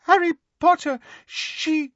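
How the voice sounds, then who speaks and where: A man voicing a tiny, terrified male house elf with a high, squeaky, trembling voice. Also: steady tone, slow pace, fairly bright tone, dry recording, heavily acted. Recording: dull lo-fi dry recording.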